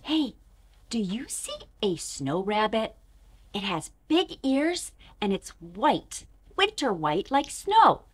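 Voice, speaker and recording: A young adult woman hosting a toddler learning show, talking in an animated, exaggerated, sing-song way that swings between loud calls and whispers. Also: on the high side, takes it slowly, husky. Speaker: children's show host and teacher. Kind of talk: teaching toddlers first words. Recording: music playing behind.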